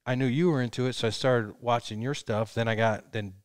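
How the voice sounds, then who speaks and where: A man in his fifties tells stories with energy in casual chat, animatedly acting out what he said back then. His mid-range voice moves a little fast, and the recording is dry and studio quality.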